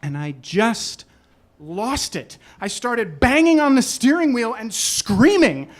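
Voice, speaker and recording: Guy telling a funny story on a club stage, self-deprecating, pitch all over. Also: sing-song, takes it slowly. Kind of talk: live personal storytelling. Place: club stage in New York.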